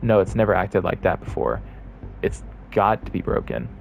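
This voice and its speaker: A man's voice: sits low, big pitch swings, moderate pace, creaky, a little hiss or hum, full character voice. A man reading a curt, evasive forty-year-old woman. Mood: defensive. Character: defensive woman in her forties.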